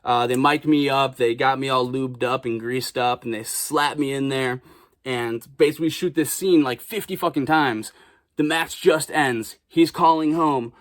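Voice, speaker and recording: A man's voice: medium pitch, normal speed. A young man from Chicago telling a story casually as a vlogger, swearing freely and acting out other people's lines. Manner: animated, acts out quotes in raised voices, swears freely.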